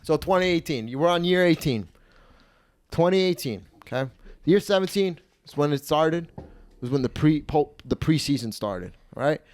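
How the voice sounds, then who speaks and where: A podcast host in his twenties, with a fairly high, darkish voice, speaks at a moderate pace in an animated way. He tells a rambling, profane story casually and acts out the voices of the people in it.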